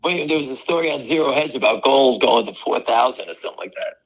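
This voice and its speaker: A man co-hosting a stock market talk show, hoarse from allergies, talking bluntly and dismissing critics. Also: mid-range voice, expressive, fast, a bit bright, low-quality recording. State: hoarse, losing his voice from allergies. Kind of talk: casual market talk with a co-host.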